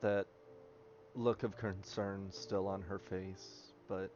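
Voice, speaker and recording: Slow, low-voiced man narrating his character. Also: level tone, a little mellow. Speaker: player. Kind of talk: tabletop game narration. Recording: muffled lo-fi with music behind.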